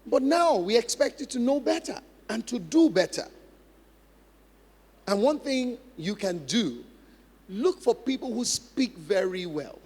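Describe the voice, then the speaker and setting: A man's voice: extremely high pitch, very animated, a little slow, darkish tone, husky. A man preaching a sermon as pastor, emphatic, repeating key phrases and acting out practice drills. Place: large church hall. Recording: long hall reverb.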